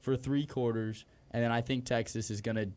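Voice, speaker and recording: Young dude co-hosting, average pitch, chill and easygoing. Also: male voice, little pitch movement, brisk, a little mellow. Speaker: sports radio co-host. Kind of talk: casual sports talk.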